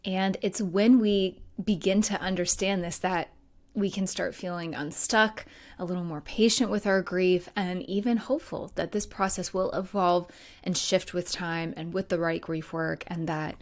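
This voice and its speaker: A woman in her thirties hosts a solo podcast as a grief coach. She speaks in a slightly low voice, earnest and conversational, and laughs lightly now and then.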